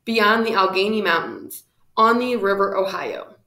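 A woman reading aloud, voicing a shrewd male royal governor who speaks formally and briskly, in an echoey room. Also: medium pitch, bright, forceful tone.

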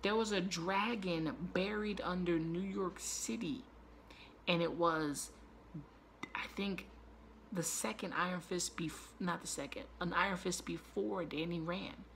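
A man hosting his own channel, giving a loose, profane and excitable spoiler recap with quick asides. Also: high-pitched, vocal fry, slight background noise. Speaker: YouTube show reviewer.

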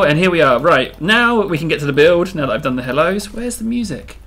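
A man's voice: fairly high pitch, animated, brisk, hardly any pauses, a bit bright. A man hosting a game video, giving casual, self-amused commentary and thinking aloud as he builds.

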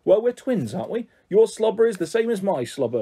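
A man reads a children's novel aloud with lively, expressive storytelling. His voice sits slightly high, mellow and somewhat husky. He gives the first-person narration a playful bounce. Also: fairly quick, few pauses. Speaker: audiobook reader.

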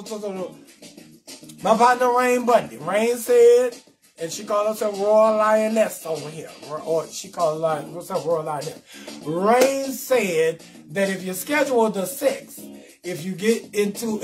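Male comedian host, very high pitch, brash and profane, AAVE, faint music under him. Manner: brash, profane, animated, talks straight to viewers. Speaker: comedian hosting a live call-in show. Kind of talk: loud comedic live-stream rant.

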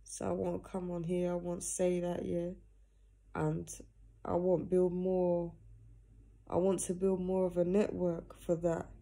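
Speaking from home in pajamas, this young woman vlogs to a phone or camera in an earnest, direct, casual way, ending nearly each phrase with "yeah?". Her lowish, creaky, mellow voice moves at a measured pace with a completely flat delivery.

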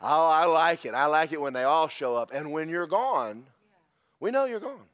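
Man, pastor, high voice, lively sermon, shouts of praise. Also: normal speed. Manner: animated, bursts into shouted praise.

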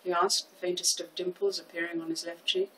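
A woman in her seventies narrating a short story in a measured, expressive reading. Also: lowish voice, far from the mic, slight background noise, poor audio. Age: 70s. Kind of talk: audiobook reading.

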